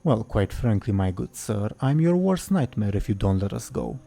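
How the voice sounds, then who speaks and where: A man's voice: fairly low pitch, big pitch swings, normal speed, vocal fry, dark tone, exaggerated voice. Man playing a cocky panda-folk warrior. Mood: threatening. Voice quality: mock-polite, menacing. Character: male panda-folk traveler, cocky and threatening.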